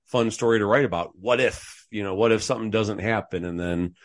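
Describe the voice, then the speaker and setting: A man's voice: lowish voice, brisk. A man co-hosting a sports podcast, rambling through what-if ideas with lots of fillers. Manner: animated, rambling with many fillers and what-ifs. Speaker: podcast co-host. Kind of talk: casual sports chat.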